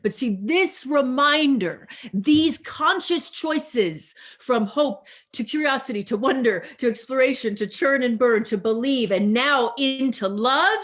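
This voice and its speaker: A woman pastor preaching a sermon over a video call, deliberate and repetitive, drawing out her key phrases for emphasis. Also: a little high, a bit bright.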